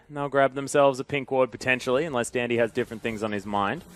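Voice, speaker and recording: Excitable male esports play-by-play caster. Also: mid-range voice, no room sound. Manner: excitable, rising loud and fast in big plays. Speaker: esports commentator.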